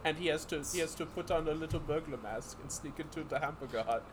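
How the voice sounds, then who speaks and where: Brief: male comic co-host, slightly high voice, rambling joking banter. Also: fast, background noise. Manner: rambling, joking, breaks into laughter. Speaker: podcast co-host. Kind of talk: casual comedic chat.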